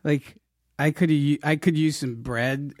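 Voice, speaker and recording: A man's voice: on the high side, fairly even intonation, measured pace, a little mellow, no echo. Dry, close-miked rambling middle-aged man. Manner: rambling, laughing storyteller with many restarts. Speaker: comedian guest. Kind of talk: casual interview chat.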